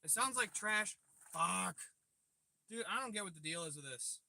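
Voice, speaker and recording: High-voiced man bantering on a livestream. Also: lively intonation, moderate pace, gravelly, noisy background. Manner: profane, joking banter. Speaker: livestream host. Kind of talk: casual live chat with viewers. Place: parked car by a river at night. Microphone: phone propped on the dash.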